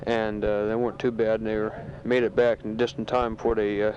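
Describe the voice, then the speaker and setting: A soldier in a sandbag bunker in a war zone reads out news to his family in a casual spoken letter, his lowish voice flat and plain. He sounds matter-of-fact but halting, with many fillers. The dull, muffled lo-fi home tape carries slight background noise.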